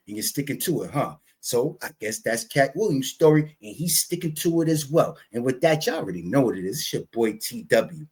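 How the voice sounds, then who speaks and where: A male host giving sarcastic, skeptical commentary in a teasing, drawn-out way. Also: mid-range voice, expressive, a little mellow.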